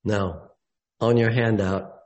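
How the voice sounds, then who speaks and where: A man giving a Bible study sermon, deliberate and explanatory, with emphatic rises on key words. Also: fairly low pitch, steady tone, a little mellow, rough recording.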